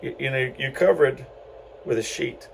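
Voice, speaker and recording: A middle-aged man from San Antonio hosts his own podcast, telling a story in a casual, meandering way with lots of fillers. His voice has a heavy gravelly fry at a middling pitch. A faint background hiss sits under him. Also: moderate pace, poor audio. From San Antonio, Texas. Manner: rambling, loose, many fillers and restarts. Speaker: podcast host.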